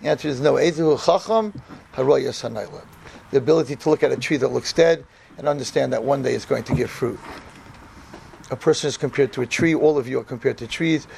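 Talking fast in a medium-pitched, creaky voice, a rabbi delivers a funny storytelling sermon to yeshiva students gathered in a room. He brings the quoted dialogue to life animatedly, and there is slight background noise.

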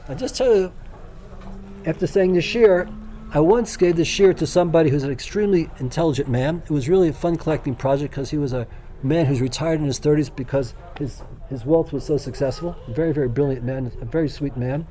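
An older man teaching a Torah class, speaking with excited enthusiasm and frequently restarting and repeating his words. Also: a little high, brisk, a little hiss or hum. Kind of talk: Torah lecture.

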